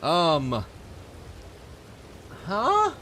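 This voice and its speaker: A man's voice: high voice, wildly swooping pitch, drawn-out words, sharp tone, a little hiss or hum. A man streaming a game, talking off the cuff in a rambling, profane way and getting easily exasperated. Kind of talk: off-the-cuff gaming commentary.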